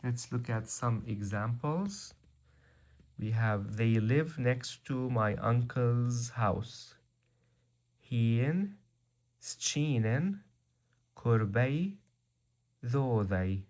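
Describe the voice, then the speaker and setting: Very slow-paced man teaching vocabulary. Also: mid-range voice, animated, a little mellow. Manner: slow, deliberate, spells out word by word. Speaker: language teacher. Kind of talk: language lesson.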